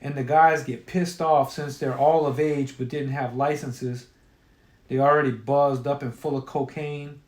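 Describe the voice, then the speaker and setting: A man's voice: medium pitch, steady tone, measured pace, echoey room. A man telling a crude story in a profane, offhand way.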